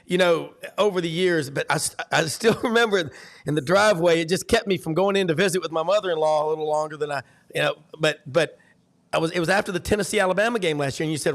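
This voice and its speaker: A man co-hosting sports talk, his voice a bit higher than most and gravelly with fry. He tells stories with energy, stumbling and restarting as he goes. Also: fast. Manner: animated storyteller, many restarts. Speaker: co-host.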